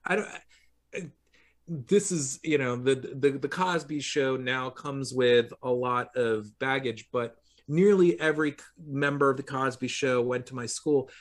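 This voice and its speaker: A man's voice: medium pitch, measured pace. A middle-aged man from Long Island, hosting a casual conversation and rambling through anecdotes with lots of fillers and restarts. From New York, Long Island. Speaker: podcast host.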